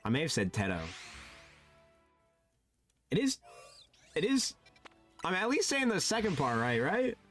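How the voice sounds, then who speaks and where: A man streaming a game, chatting casually and sounding animated and flustered, his voice jumping high and dropping low. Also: a little slow, long pauses, soft background music. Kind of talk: casual live-stream chat.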